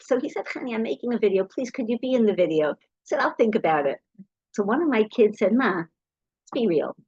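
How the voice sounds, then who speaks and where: Middle-aged woman telling lively stories. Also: a little high, fairly quick, breathy edge, no echo, dull audio. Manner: lively anecdotal storytelling, acts out quoted voices. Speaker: speaker. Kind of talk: storytelling talk to an audience.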